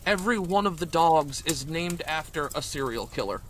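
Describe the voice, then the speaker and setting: Deadpan, crude-talking male guest. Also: on the high side, moderate pace, slight background noise. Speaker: guest chef. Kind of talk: comedic improv interview.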